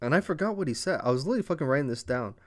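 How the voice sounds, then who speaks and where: A man from Canada recapping a wrestling show in a casual vlog, telling it excitably with lots of swearing and fillers. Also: on the high side, rapid-fire.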